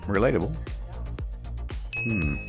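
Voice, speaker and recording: A man narrating a comedic video essay in a very low voice. His pitch swings widely, and his delivery stays dry and sarcastic. Music plays faintly underneath. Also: very animated, slow pace. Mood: exasperated.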